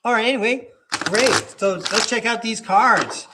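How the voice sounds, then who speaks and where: A man's voice: sits high, unhurried, background noise. A man hosting a live-streamed tarot reading, chatting easily with viewers and reading card keywords aloud one by one. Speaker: tarot reader and livestream host.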